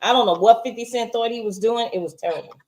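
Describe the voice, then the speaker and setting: A woman's voice: a little high, fast, a little mellow. A woman co-hosting a casual TV review chat, making blunt, skeptical remarks. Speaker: co-host.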